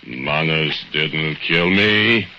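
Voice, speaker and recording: Brooding drunk foundry brute, broken English, deep and dragging, old radio-play sound. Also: male voice, background noise, full character voice. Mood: drunken. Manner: broken English, slow gloating murmur. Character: brooding drunken male foundry laborer, menacing. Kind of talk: 1940s radio acting. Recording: lo-fi old radio broadcast with music.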